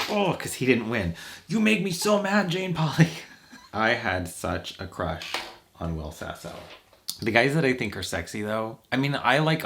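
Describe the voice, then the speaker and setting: A man with a low, gravelly voice chats away while he puts on his makeup. He rambles from one thought to the next with campy little asides. It is a relaxed, casual vlog chat. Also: a little hiss or hum. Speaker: makeup vlogger.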